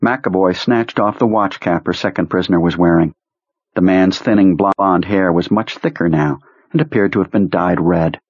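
A man reading a novel aloud in steady, measured audiobook narration. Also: low voice, dry recording. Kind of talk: scripted narration. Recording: dull lo-fi dry sound.

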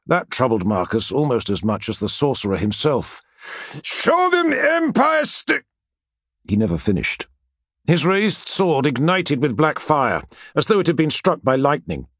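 Male audiobook narrator, dramatic storyteller with an animated voice, dry booth sound. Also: mid-range voice, no echo. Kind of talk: scripted fantasy narration.

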